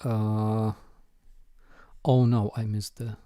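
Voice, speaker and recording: A man with a Ukrainian accent hosting a casual live Q&A, answering viewer questions in an unhurried way with frequent ums and dry jokes. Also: lowish voice, level tone, dark tone, dry recording. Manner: unhurried, frequent ums and uhs, dryly joking.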